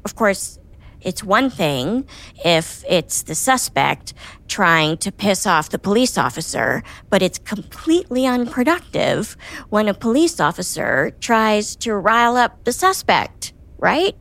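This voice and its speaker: A woman with a mid-range voice hosts a relaxed conversation. She speaks frankly and expressively. She swears now and then when she is annoyed. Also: medium pitch, unhurried, creaky. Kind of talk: casual conversational chat.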